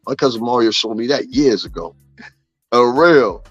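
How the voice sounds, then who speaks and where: Brief: male streamer, mid-pitched, profane and playful, slightly muffled audio with faint music underneath. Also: expressive, moderate pace, no echo. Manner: profane, joking, talks to chat. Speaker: gossip livestream host. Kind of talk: casual livestream commentary.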